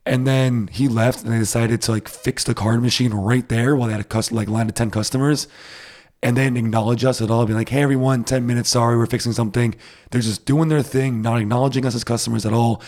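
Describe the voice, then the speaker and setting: A man's voice: mid-range voice, steady tone, quick pace, a little mellow. A man from Rhode Island chatting casually, rambling and self-deprecating, with lots of fillers. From Rhode Island, USA. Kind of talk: casual chat. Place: Berlin.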